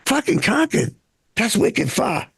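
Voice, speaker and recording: Guy putting on a rowdy boston townie boss, yelling and cursing, high gravelly voice. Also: huge pitch swings, measured pace, heavily acted. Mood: rowdy bossy. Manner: shouting, bossy, profane. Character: brash loudmouth male Boston townie rebel leader.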